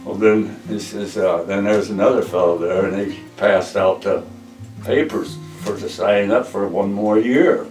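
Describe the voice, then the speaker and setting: Older male veteran, low voice, plainspoken oral-history teller; roomy distant recording with faint music under. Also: fairly even intonation, a little slow, darkish tone. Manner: plainspoken, repeats "he says" while retelling dialogue. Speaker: veteran interviewee.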